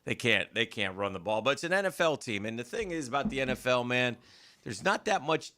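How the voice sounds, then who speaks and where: Expressive and a little fast, this medium-pitched man has a bright, forceful tone as he hosts sports radio in a studio. He chats casually about a football game, repeating words frequently.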